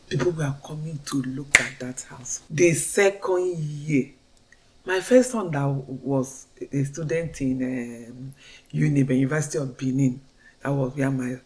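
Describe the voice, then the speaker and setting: A middle-aged Nigerian woman telling her life story as a fervent faith testimony, repeating phrases with emphatic swings. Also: low voice. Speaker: storyteller sharing a personal testimony.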